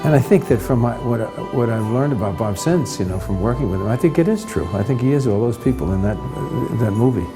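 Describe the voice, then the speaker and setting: A man's voice: mid-range voice, animated, fast talker, hardly any pauses, music in the background. A man interviewed about a former colleague, speaking hesitantly and affectionately, searching for words. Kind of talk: documentary interview.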